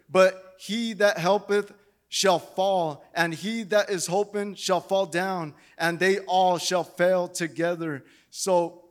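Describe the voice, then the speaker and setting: Higher-voiced man preaching with restarts. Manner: repetitive restarts, emotional and pleading. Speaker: lay preacher. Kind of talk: sermon.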